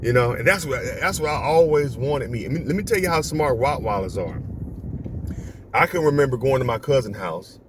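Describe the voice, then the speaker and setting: A man from Florida, a vlogger telling a story casually on a phone, animated and acting out voices. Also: medium pitch, brisk. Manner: animated, acts out voices, laughs often. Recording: outdoor street and traffic noise.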